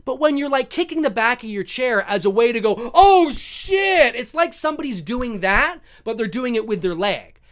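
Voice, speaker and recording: A man's voice: extremely high pitch, fairly quick, hardly any pauses. A man hosting a live stream, chatting casually with viewers and telling stories with plenty of swearing and acted-out moments. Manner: animated, swears freely, acts out scenes. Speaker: live-stream host answering viewer questions.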